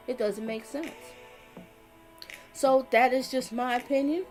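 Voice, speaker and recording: A woman's voice: sits high, unhurried, long pauses, faint music behind. A woman giving casual live stream commentary, talking emphatically, repeating her points and reading viewer comments aloud.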